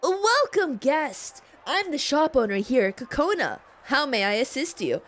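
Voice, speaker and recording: A gracious young saleswoman in a game greets a guest with a bright, gentle and carefully polite voice, as a woman streamer puts her on. The tone sits a little high and stays smooth and courteous. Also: very animated, measured pace, exaggerated voice. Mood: polite, welcoming. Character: polished young female luxury shop owner, gracious. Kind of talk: voicing unvoiced game dialogue.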